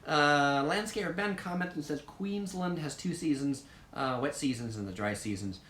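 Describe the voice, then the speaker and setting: A man's voice: a little high, moderate pace, fairly bright tone, echoey room. An American man hosting a casual live chat and answering viewer comments, rambling along with lots of ums, uhs and likes. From United States.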